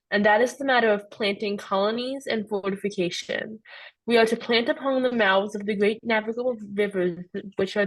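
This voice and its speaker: A woman student reading an old historical passage aloud for a class, steady and careful. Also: mid-range voice, poor audio.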